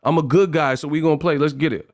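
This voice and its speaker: A man hosting a casual livestream, talking in a lively way, rapping short rhymes and reading donation messages aloud. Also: a little high, fast talker. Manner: animated, freestyles rhymes, reads donations aloud. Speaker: livestream host.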